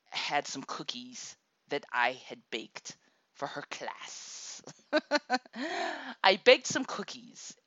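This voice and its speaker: A woman telling a comic story about her daughter, animated and exasperated, laughing often. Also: deep voice, no room sound, dull audio.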